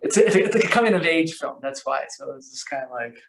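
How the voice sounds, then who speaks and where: Male podcast guest, rambling storyteller, slangy, slightly high voice. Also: fast, creaky, a little hiss or hum. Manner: rambling, animated, lots of fillers and restarts; slangy, calls the host bro. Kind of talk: casual storytelling conversation.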